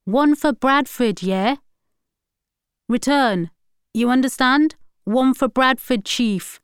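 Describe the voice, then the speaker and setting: A woman's voice: sits high, slow, smooth, no echo, studio quality, pitched above the performer's own voice. A woman doing a cocky teenage boy. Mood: brash. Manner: brash, mocking.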